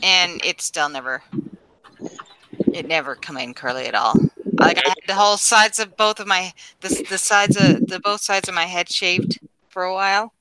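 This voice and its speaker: A woman's voice: fairly low pitch, sharp tone, rough recording. A woman with a Newfoundland accent chatting casually on a video call, laughing often and breaking off mid-sentence. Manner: giggly, halting and self-interrupting. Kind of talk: casual group chat.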